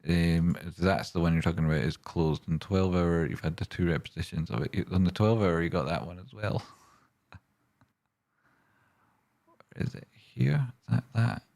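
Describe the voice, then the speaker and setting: Low-voiced man ranting on a livestream. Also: moderate pace, vocal fry, pauses often, a little mellow. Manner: ranting and swearing, then rambling while walking through charts. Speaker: livestream host and stock chart analyst. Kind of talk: casual livestream chat, reading viewer questions.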